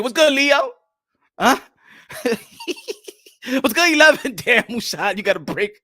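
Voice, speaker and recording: A man hosting a boxing channel, ranting loudly in a mock-preacher style, laughing and breaking into song. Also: sits high, animated, unhurried, pauses often. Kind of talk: excited livestream rant.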